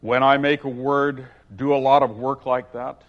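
Read-aloud figure: man doing a pompous, scornful egg, loud and emphatic, mid-pitched, dull lo-fi recording. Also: level tone, moderate pace, natural voice.

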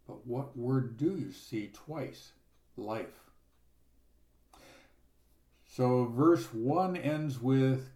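A man teaching a Bible passage verse by verse, reading scripture aloud and explaining it in a measured way, stressing key words. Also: medium pitch, lively intonation, darkish tone. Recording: echoey room.

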